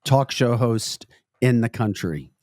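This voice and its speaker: A man with an American accent co-hosts a political podcast, his talk blunt and mocking. His voice sits at an ordinary pitch, recorded close and dry with no room sound. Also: expressive, slow, darkish tone, no room sound. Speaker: podcast co-host. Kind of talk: political commentary chat.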